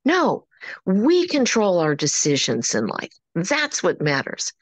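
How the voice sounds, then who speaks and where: A woman's voice: on the low side, takes it slowly, no room sound. Upbeat lady coach giving a motivational talk, preachy, plays out little stories, dry close sound. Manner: upbeat, preachy, acts out quotes in animated voices. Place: online meeting.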